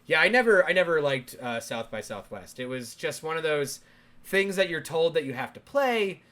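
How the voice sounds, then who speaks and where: Man, interview host, bright tense voice, higher pitch, playful, laughs often. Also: big pitch swings, normal speed. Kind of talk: casual chat over a video call.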